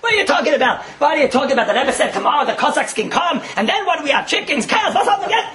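A man voicing an excitable peasant villager who fires off questions in a flustered rush. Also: very high-pitched, reverberant, pitched above the performer's own voice, full character voice. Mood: incredulous. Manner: fast, exclaiming questions.

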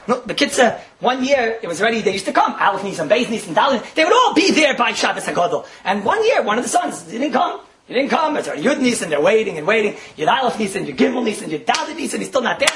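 A man teaching a Torah class and telling stories, animated and often laughing as he talks. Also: sits high.

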